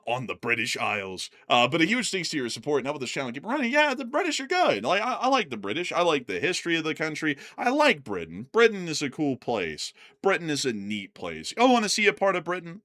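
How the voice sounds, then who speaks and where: A man's voice: mid-range voice, big pitch swings, fairly quick, hardly any pauses, pushed and bright. An American man co-hosting a channel, chatting casually and rambling with lots of "like" and "man" between laughs. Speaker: co-host of a news commentary channel. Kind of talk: casual chat.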